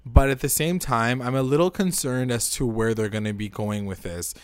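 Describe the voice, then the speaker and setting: A man's voice: medium pitch, moderate pace, smooth, no room sound. A man co-hosting a casual recap chat, rambling and opinionated, filling his talk with "like". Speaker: podcast co-host.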